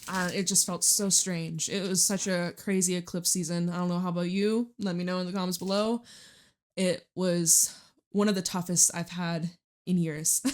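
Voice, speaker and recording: A woman's voice: lowish voice, steady tone, normal speed. A young adult woman giving a casual tarot reading, chatty and candid, swearing now and then. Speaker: tarot reader.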